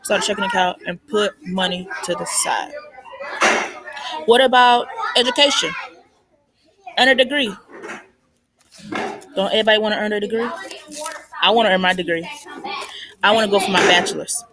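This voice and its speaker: A woman's voice: mid-range voice, normal speed, pauses often, fairly bright tone, a little hiss or hum. A young woman giving money advice in a casual, unscripted monologue, chatty and repetitive, with lots of "like" and "I mean.". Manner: chatty, repeats points, fillers like "like" and "I mean". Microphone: phone recording.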